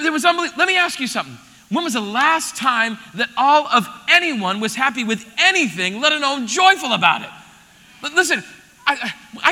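Male pastor, very high voice, excitable sermon, long church-hall reverb. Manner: animated, exclamatory, joking with congregation. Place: church auditorium.

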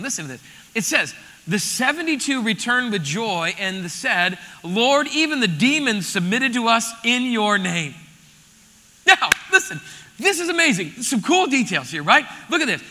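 A man in his thirties preaching an animated, joking sermon to a congregation in a church auditorium. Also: high-pitched, long reverb tail. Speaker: pastor.

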